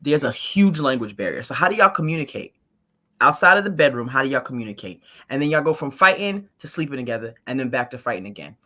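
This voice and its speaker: Guesting on a podcast, this Brooklyn mother spins an animated story in casual conversation, acting out her own lines in lively asides with blunt emphasis. She speaks quickly in a bass voice.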